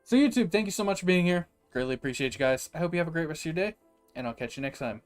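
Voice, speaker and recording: Young male streamer, lively reactions, light music bed. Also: on the high side, racing. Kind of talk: casual livestream chat.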